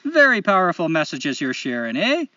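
A man's voice: on the high side, huge pitch swings, moderate pace, pushed and bright, dry recording, muffled recording, exaggerated voice. A man voicing a cheerful Canadian woman listener who reads her letter in a sing-song put-on Canadian accent and tags lines with "sorry" and "eh". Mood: chirpy. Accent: put-on Canadian, drifting toward Irish.

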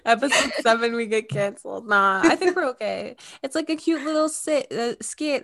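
A woman's voice: a little high, moderate pace, a bit bright. A woman co-hosting a podcast, chatting casually in a playful, teasing way. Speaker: podcast co-host. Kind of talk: casual chat.

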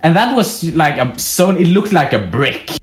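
A man's voice: fairly high pitch, very animated, moderate pace, faint music behind. A young man from Sweden co-hosting a casual podcast, rambling through stories and laughing often. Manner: giggly, rambling storyteller. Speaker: podcast co-host. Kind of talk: casual chat. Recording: roomy echo.

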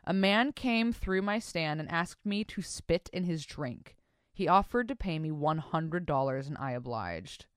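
A woman's voice: sits low, expressive, a little slow, clean tone, no room sound, studio quality. Foul-mouthed woman hosting a podcast. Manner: crude, profane, swings into mock-disgusted reactions. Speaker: podcast host. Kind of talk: casual podcast chat reading listener stories.

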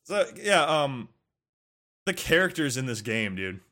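Animated, swearing man ranting casually. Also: mid-range voice, a little slow. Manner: animated, rambling, swearing, laughing often. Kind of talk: casual chat about a video game.

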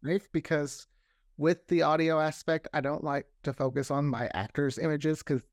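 A man's voice: on the high side, steady tone, normal speed, dry recording, studio quality. A man talking casually as a podcast creator and guest, loose and chatty with many fillers. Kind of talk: casual interview chat.

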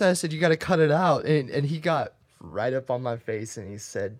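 A man co-hosting a podcast, telling animated anecdotes with laughing asides in casual chat. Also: a little high, brisk, hardly any pauses. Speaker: podcast co-host.

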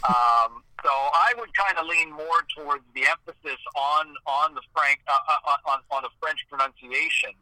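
Slightly high-voiced and talking at normal speed with hardly any pauses, an Eastern Ontario man who commentates hockey games spins lively stories in casual conversation. He leans heavily on "like" and keeps restarting his sentences, captured in a dry, low-quality recording.

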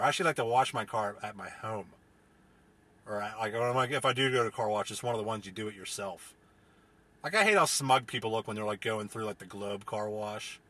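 A man's voice: mid-range voice, pushed and bright, slightly rough. A young man, hosting a casual solo podcast from inside his car, rambling, profane and joking. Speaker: podcast host.

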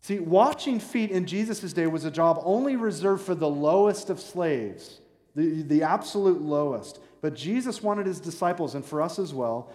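A man's voice: on the high side, a little mellow. Joking preacher man in an echoey hall. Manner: conversational and joking, acting out the disciples. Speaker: pastor. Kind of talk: sermon. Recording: echoey hall with long reverb.

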